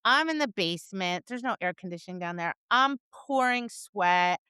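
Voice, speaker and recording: A woman co-hosting a dog training podcast, chatting casually and acting out her students and dogs in lively voices. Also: medium pitch, moderate pace, clean tone, no room sound. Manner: animated storyteller, acts out voices, laughs and swears. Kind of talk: casual chat.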